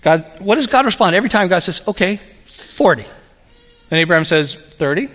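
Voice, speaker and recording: Guy preaching, high bright voice, big echoey hall, jokey storyteller. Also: racing. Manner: animated storytelling with humor. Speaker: pastor. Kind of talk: sermon. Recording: long reverb of a large hall.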